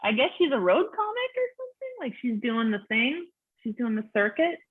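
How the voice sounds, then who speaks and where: Brief: forties woman comic, husky, frank and profane, tinny phone-like video-call sound. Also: on the high side, sing-song. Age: 40s. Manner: frank, profane, quick to laugh. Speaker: stand-up comedian, guest. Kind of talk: casual chat.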